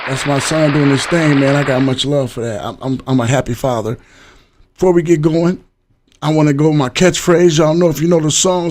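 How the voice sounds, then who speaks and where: A middle-aged man hosting a live podcast, hyping the show and shouting out viewers by name in casual chat. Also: on the high side, brisk. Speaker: podcast host.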